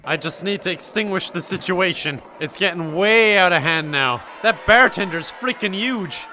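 A young Irish man commentating on a game with high-pitched, excitable energy. His voice is bright and sharp as he jokes, yells and laughs along. A faint hiss sits under the recording. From Ireland. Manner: excitable, joking, often laughing and yelling. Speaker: gaming YouTuber. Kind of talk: gameplay commentary.

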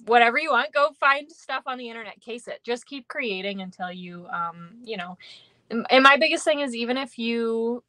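A woman's voice: fairly high pitch, lively intonation, normal speed, sharp tone, dry recording. A woman hosting a live stamping class, chatting casually and rambling with many fillers and frequent laughs. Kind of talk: casual livestream chat.

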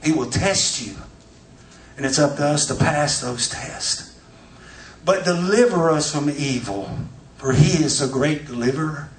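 A man preaching a sermon as pastor, building to shouts as he goes. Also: a little high, a little slow. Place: church. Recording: echoey church from far off.

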